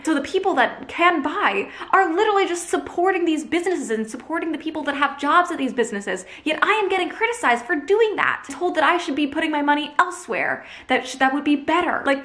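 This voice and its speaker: A woman's voice: sits high, fairly bright tone. Upset Canadian woman vlogger ranting. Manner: upset, apologetic, exasperated, frequent fillers. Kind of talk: emotional direct-to-camera rant.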